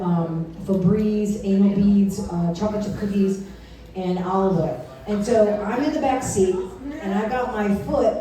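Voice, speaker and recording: On a club stage, a comedian with a dark, mid-range voice tells raunchy stories, playing every character and cracking herself up. The recording was made from a distance in a highly echoey room.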